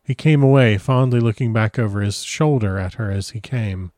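A man reads a classic novel aloud in a measured, solemn voice. His pitch sits low and the recording is dry and close, with no room sound. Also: darkish tone, no echo. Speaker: audiobook narrator. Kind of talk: first-person literary narration.

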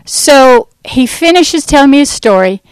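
A woman from the United States telling her life testimony, acting out the dialogue in lively fashion. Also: high-pitched, unhurried, no echo, poor audio. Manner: animated storyteller acting out dialogue. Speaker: ministry founder giving testimony. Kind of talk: personal testimony talk.

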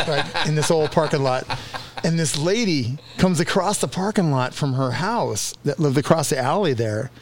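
Over crowd noise, a man with a slightly high voice tells a childhood story in casual conversation at normal speed. He is animated, laughing often and acting out the voices of the people in the tale.

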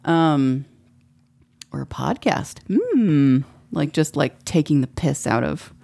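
A woman's voice: deep voice, big pitch swings, slow, gravelly, dark tone. A woman in casual chat, rambling and swearing freely. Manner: rambling, frequent profanity.

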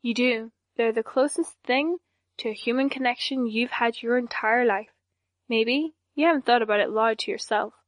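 A young villainess with no emotion in her voice, every threat delivered in a flat deadpan, as a woman reads her in an audiobook. The voice sits fairly high, recorded close and dry. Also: dry recording, close to an everyday voice. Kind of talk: audiobook character voice.

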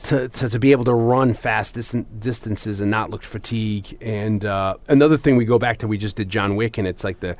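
A man's voice: lowish voice, brisk, few pauses. A man co-hosting a podcast in casual chat, telling long rambling stories full of fillers. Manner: rambling, animated storytelling with frequent fillers. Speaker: podcast co-host.

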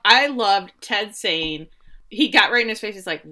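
A woman's voice: mid-range voice, lively intonation, slow, sharp tone. A woman co-hosting a casual podcast, animatedly retelling scenes and quoting the characters. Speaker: podcast co-host. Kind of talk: casual recap chat.

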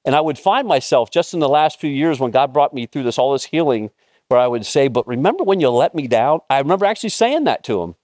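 A man in his fifties preaching a conversational, storytelling sermon with bursts of excitement. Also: mid-range voice, fast talker, dry recording, clean studio sound. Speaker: pastor.

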